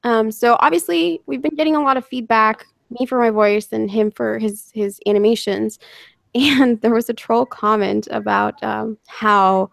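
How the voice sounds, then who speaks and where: Woman, casual chat, storytelling, laughs a lot, gravelly, dry close mic. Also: on the high side, fairly even intonation, a little slow, no echo. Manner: chatty storyteller, laughs often. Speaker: narrator and podcast guest.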